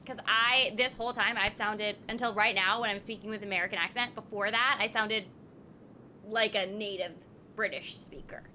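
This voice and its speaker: A woman's voice: medium pitch, steady tone, normal speed, sharp tone, slight background noise. A young adult woman streaming a game, chatting playfully and reading the chat aloud. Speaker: streamer and voice actor. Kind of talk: casual live-stream chat while gaming.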